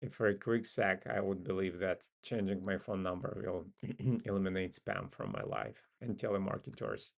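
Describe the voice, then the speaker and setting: In a casual live trading stream, a man with a non-native English accent offers market commentary, musing aloud and filling gaps with frequent ums. His voice is low, with lively intonation, a moderate pace, and some vocal fry.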